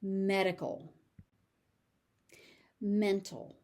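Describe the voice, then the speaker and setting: Slow, mellow American woman teaching pronunciation. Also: mid-range voice. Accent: General American. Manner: repeats each word slowly, syllable by syllable. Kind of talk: slow, deliberate pronunciation drill.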